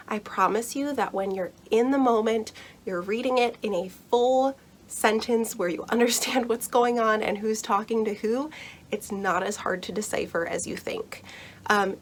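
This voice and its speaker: A young woman talks through the basics in a relaxed, chatty vlog voice of middling pitch, reassuring and quick to laugh. A faint hiss sits under the recording. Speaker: book vlogger explaining Shakespeare. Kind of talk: casual explainer vlog.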